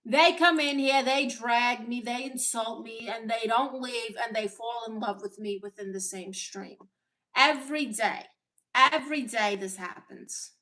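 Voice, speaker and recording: Woman, Brooklyn accent, slightly high voice, blunt and sassy, casual livestream chat. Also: measured pace, bright, forceful tone. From Brooklyn, New York. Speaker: livestream host. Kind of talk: casual livestream chat reading viewer comments.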